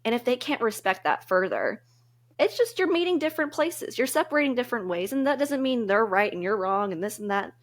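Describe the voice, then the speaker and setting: A podcast co-host with a fairly high voice, lively intonation and a brisk pace talks through relationship advice. She sounds casual, earnest and reflective, and laughs easily.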